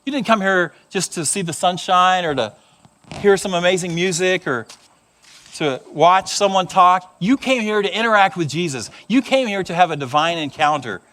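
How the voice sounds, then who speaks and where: A man's voice: sits high, normal speed. A man preaching a sermon, telling stories and acting out the voices of the people in them. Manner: animated storytelling, acts out voices of others. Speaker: pastor.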